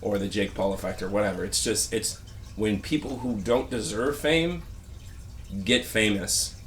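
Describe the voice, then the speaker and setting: In a vlog, a man with a voice on the low side delivers a halting, rambling rant, sarcastic and dismissive, constantly stopping and restarting his sentences. A little hiss or hum can be heard.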